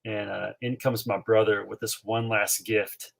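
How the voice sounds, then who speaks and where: A man in his forties from North Carolina, co-hosting a podcast and telling a childhood story in an animated way, with many fillers. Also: fairly low pitch, measured pace, gravelly. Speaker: podcast co-host. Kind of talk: casual storytelling chat.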